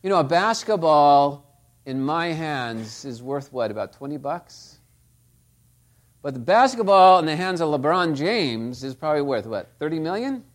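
A man's voice: on the high side, big pitch swings, unhurried. A man preaching a sermon, telling stories and asking the listeners rhetorical tag questions. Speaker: pastor.

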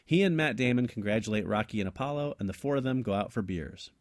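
A man co-hosting a casual podcast, telling a made-up movie ending with animated, laughing delivery. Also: on the low side, fast, no room sound, studio quality. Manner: animated, laughs often, trails off and restarts. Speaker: podcast co-host.

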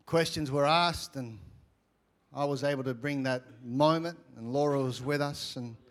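A man with an Australian accent, a pastor preaching a lively, humorous sermon with frequent asides to the congregation. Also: medium pitch, normal speed.

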